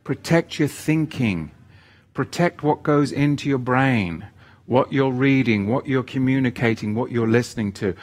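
A man preaching a sermon, emphatic and repetitive, swinging between loud exhortation and quieter asides. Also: mid-range voice, a little slow.

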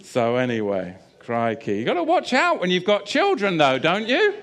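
A man preaching, telling a funny personal story with animated delivery and frequent laughter. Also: high-pitched, normal speed. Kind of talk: sermon with humorous personal anecdote.

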